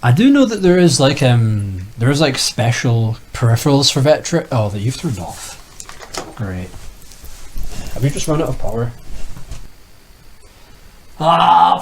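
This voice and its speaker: A man's voice: medium pitch, sing-song, unhurried, creaky, pauses often, slight background noise, low-quality recording. A young man giving casual, jokey commentary as he plays retro games, rambling and talking to himself. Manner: rambling, jokey, talks to himself while playing. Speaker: retro gaming youtuber.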